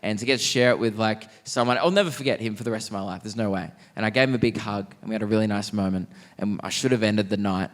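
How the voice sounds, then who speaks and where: An Australian man with a fairly low voice performs a stand-up comedy set on a theatre stage, talking quickly with hardly any pauses. He often laughs mid-line at his own jokes. The live theatre recording carries faint crowd noise and faint audience laughter.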